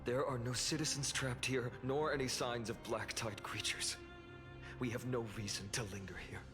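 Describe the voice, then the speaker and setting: A man voicing an earnest, duty-bound young lord in a game cutscene, giving solemn, measured commands. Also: mid-range voice, steady tone, big-room sound, over music, lightly acted.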